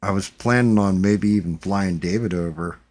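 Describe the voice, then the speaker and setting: A man with a very low voice hosts a livestream, chatting in a loose, rambling way. He swears freely and keeps the talk relaxed and offhand. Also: moderate pace. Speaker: livestream host. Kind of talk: casual chat.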